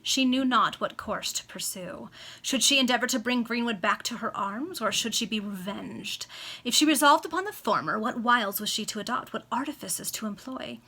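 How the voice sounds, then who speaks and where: A woman reads an old novel aloud for friends over a video call, measured and expressive. Her voice is bright and forceful, and her tone is that of a relaxed amateur reading, not a polished performance. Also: a little high, breathy edge. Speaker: reader. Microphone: home webcam video call.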